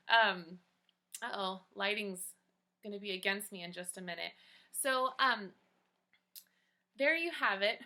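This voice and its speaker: A woman's voice: fairly high pitch, pushed and bright. A woman teacher talking to children in a video lesson from home, in a chatty, encouraging manner. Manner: upbeat, encouraging, chatty with the kids. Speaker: teacher giving a daily check-in to children.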